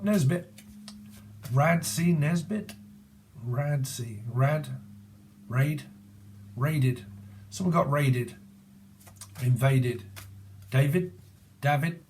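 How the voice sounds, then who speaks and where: A man's voice: mid-range voice, slight background noise. A British man in his forties giving a casual, rambling tarot reading, joking, swearing and punning as he goes. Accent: British English. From Britain. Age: 40s. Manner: rambling, jokey, free-associating wordplay; laughs often and swears casually. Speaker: tarot reader.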